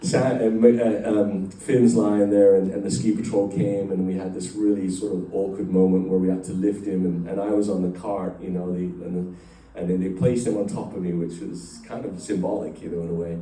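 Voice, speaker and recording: With a deep, warm voice, a level tone, normal speed and few pauses, a middle-aged man shares an emotional personal story with a company group. He rambles, using many fillers and restarts. The recording is echoey, taken from a distance in a large room with a live group.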